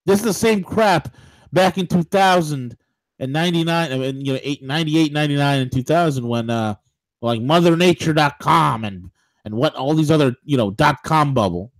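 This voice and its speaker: A man's voice: on the high side, moderate pace, no room sound, rough recording. A man co-hosting a political talk show, ranting emphatically with rhetorical questions and frequent restarts. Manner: many restarts and fillers. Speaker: show co-host.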